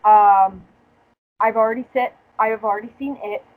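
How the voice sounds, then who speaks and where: A woman's voice: a little high, steady tone, normal speed, phone-quality sound. A young woman hosting a podcast, telling a casual story in a profane, joking way and laughing often. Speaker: podcast host. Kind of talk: casual chat.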